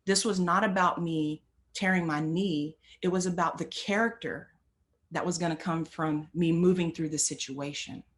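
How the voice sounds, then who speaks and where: An earnest middle-aged woman gives a storytelling talk on stage, building her points through repeated, emphatic phrases. Her voice sits a little low for a woman. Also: steady tone, normal speed. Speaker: motivational speaker.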